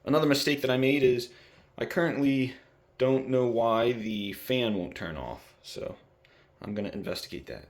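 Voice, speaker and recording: A young man talking through a home wiring job in a relaxed, thinking-aloud way. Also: medium pitch, normal speed. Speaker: DIY video host. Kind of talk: casual how-to narration. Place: indoors in a home bathroom.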